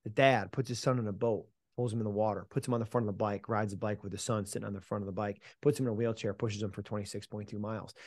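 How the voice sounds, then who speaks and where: A man's voice: fairly low pitch, steady tone, fast, hardly any pauses, darkish tone, no room sound, studio quality. A middle-aged man, a mental performance coach, telling a personal story as a podcast guest in a punchy, emphatic way, casually swearing and calling the listener "man". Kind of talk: animated storytelling in an interview.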